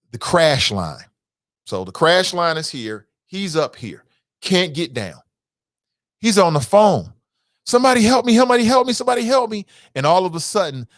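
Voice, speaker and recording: A man's voice: medium pitch, no room sound, studio quality. Blunt, impassioned male talk radio host. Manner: blunt, profane, impassioned, repeats phrases for emphasis. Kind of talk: opinionated talk radio monologue.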